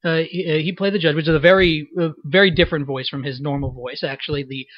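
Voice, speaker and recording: Young man, rambling unscripted commentary, slightly high voice, dull dry sound. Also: fairly even intonation, fast, no echo. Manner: rambling, many fillers and restarts. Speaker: director giving a fan dub commentary.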